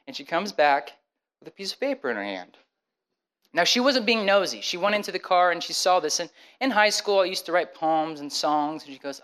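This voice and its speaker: A man's voice: high-pitched, smooth, rough recording. Young man telling a personal testimony. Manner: animated, acts out the dialogue with many quick restarts. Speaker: speaker sharing a personal testimony.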